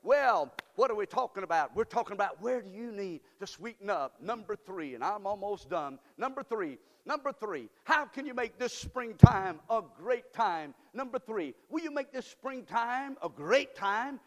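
A man's voice: high-pitched, animated, moderate pace, hardly any pauses, long reverb tail. An older man preaching a sermon as pastor, with emphatic, rising delivery and folksy asides. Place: church sanctuary.

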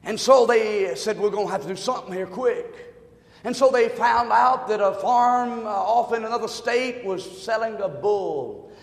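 A man preaching a sermon, telling a folksy joke story and swinging from quiet talk to shouting. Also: high-pitched, moderate pace, gravelly. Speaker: pastor. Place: church sanctuary. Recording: echoey hall, long reverb.

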